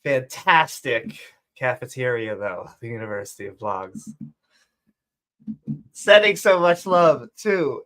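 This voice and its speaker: A woman hosting a live online call show, reading shout-outs to supporters and dropping sarcastic jokes in a sing-song voice. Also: deep voice, animated, a little slow. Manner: joking, sarcastic asides, sing-song bursts. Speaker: show host.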